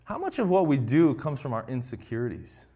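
A man's voice: medium pitch, sing-song, a little fast, dark tone, slightly rough. A man preaching a conversational sermon, reading scripture and acting out the quoted lines.

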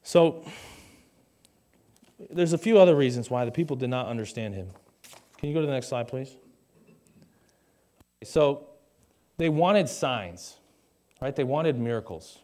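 A man's voice: mid-range voice, expressive, a little slow, pauses often, darkish tone. A young man preaching a conversational sermon to a live congregation on a stage mic, with jokey asides and questions to the audience. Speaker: pastor.

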